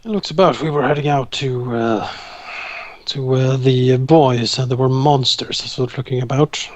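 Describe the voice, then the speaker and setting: A man's voice: medium pitch, fairly even intonation, normal speed, no echo. A man narrating as game master of a tabletop game, hesitant, with many fillers. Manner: hesitant, many fillers, acts NPC lines in quotes.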